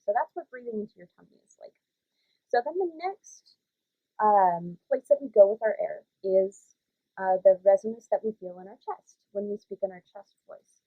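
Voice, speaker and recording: A young woman teaching young children vocal warm-ups in a casual, chatty way, with many fillers. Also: medium pitch, husky, no echo. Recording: dry, phone-like audio.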